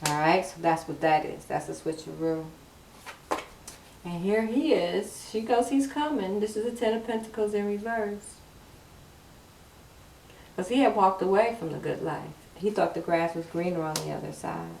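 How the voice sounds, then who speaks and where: A woman's voice: lowish voice, expressive, moderate pace, creaky, a little mellow. A woman giving a casual tarot reading, chatty and teasing the cards, laughing often. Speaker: tarot card reader. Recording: echoey room, mic at a distance, faint noise.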